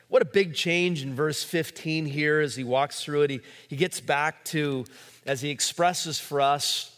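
A man's voice: on the high side, unhurried, a bit bright. Man preaching conversationally in a reverberant hall. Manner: conversational preaching with many fillers and restarts. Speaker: pastor. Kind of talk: sermon.

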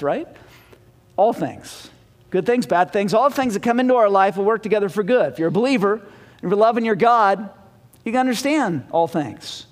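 A man preaching a sermon in a folksy manner, asking his listeners questions. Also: high-pitched. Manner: folksy, asks the congregation questions. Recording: long reverb of a church hall.

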